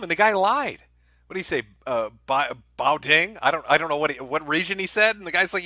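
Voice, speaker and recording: A man's voice: sits high, animated, a little fast, sharp tone, no echo, studio quality. A man hosting a livestream, reacting to videos with crude, laughing, riled-up commentary. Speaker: livestream host.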